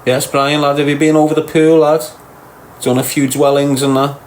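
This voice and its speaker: Reading chat comments aloud on his livestream, a middle-aged Liverpudlian host teases viewers with crude, slangy banter. His voice is on the high side with little pitch movement, and he talks at normal speed over a little hiss or hum.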